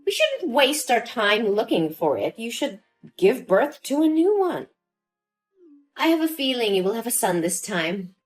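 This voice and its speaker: A woman doing a nasty old mother-in-law, low, slow and sneering, lots of swing in her voice. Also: big pitch swings, faint music behind. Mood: contemptuous. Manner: scornful, dismissive. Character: scheming cold-hearted older woman, a mother-in-law. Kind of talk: dramatized story dialogue.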